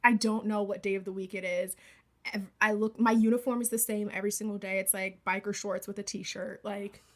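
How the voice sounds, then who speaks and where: A young woman co-hosting a podcast, chatting casually and talking fast. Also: medium pitch, level tone. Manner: fast-talking, trying to slow down. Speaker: podcast co-host. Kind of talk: casual chat.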